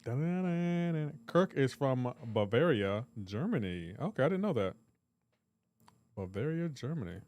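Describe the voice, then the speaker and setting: A man's voice: medium pitch, very animated, normal speed, darkish tone. A man hosting a live game stream, joking around in casual chat and answering his viewers' comments aloud.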